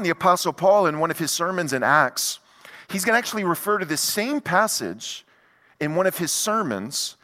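A middle-aged man delivers a sermon in a church sanctuary, hammering points home through repetition. His voice sits high and bright for a man. A long hall reverb trails every phrase. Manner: emphatic, repetitive preaching with rising intensity. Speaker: pastor.

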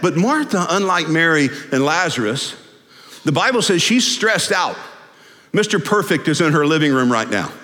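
A man's voice: high voice, sharp tone. A man preaching a sermon in a conversational, humorous storytelling way. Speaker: pastor. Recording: echoey hall.

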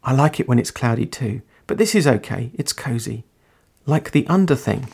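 A man's voice: medium pitch, lively intonation, normal speed, creaky, darkish tone, husky. A man voicing a whimsical young girl with an airy, childlike manner in an audiobook-style reading. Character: wistful odd young girl living underground.

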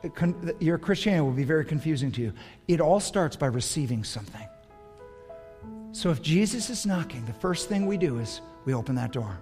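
A man preaching a sermon as pastor, swinging from hushed tenderness to loud fervor, with an altar call in a large church. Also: a little high, lively intonation, brisk. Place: large church sanctuary with a balcony. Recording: long reverb of a large hall with soft music.

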